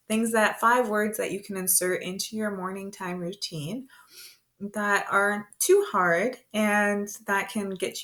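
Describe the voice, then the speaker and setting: Slow, patient woman teaching words. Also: mid-range voice, fairly bright tone. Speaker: language teacher. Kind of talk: beginner language lesson.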